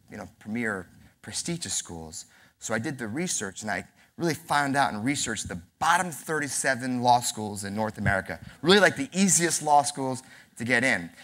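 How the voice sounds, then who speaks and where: A man in his early forties from New York delivers a humorous, self-deprecating keynote speech at a convention center, telling stories and acting out dialogue. His voice is mid-range with a fairly bright tone.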